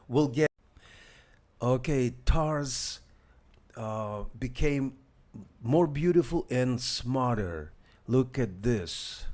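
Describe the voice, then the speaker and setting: A man's voice: medium pitch, darkish tone. Hesitant man demoing a gadget. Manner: hesitant, many fillers and restarts, talks to viewers. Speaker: tech demo host. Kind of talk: casual live demo.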